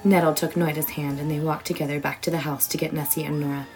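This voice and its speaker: A woman reading a children's bedtime story aloud in a warm, expressive way. Her voice sits fairly low, and soft music plays quietly behind her. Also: fast, low-quality recording.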